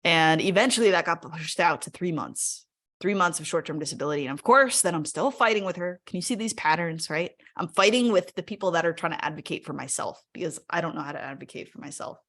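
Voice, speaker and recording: Woman, webinar storyteller; slightly low pitch, chatty and filler-heavy, animated when she quotes herself. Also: fast talker. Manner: conversational, fillers like 'like' and 'right?'. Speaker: speaker sharing her personal story. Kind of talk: personal story told in a live webinar.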